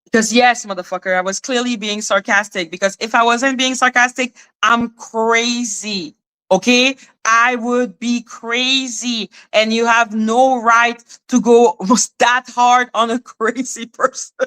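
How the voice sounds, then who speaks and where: Woman, bright tense voice, fairly high, sarcastic rant, swears, mocking highs and flat lows. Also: unhurried, smooth. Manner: sarcastic, exasperated, swears freely, laughs often; jumps between high mocking tones and low deadpan asides. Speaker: commentary channel host. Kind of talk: casual ranting monologue.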